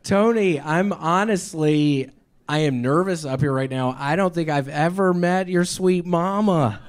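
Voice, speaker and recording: High-voiced rambling comedian. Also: male voice, unhurried, clear, resonant tone. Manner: loud, rambling, breaks into shouts. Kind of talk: stand-up set, then panel chat. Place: live comedy club stage.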